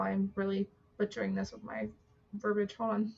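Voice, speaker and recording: A woman's voice: medium pitch, fairly even intonation, normal speed, creaky, bright, forceful tone. A woman hosting a casual spiritual live-stream, bubbly and gushing, chatting with fillers and reading quotes aloud. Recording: dull lo-fi stream audio.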